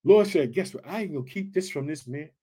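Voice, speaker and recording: Brief: man preacher, high voice, pumped-up exclamatory Bible teaching, calls listeners family. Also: lively intonation, fairly quick, dark tone, slightly rough. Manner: reads scripture aloud then comments. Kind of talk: energetic Bible study sermon.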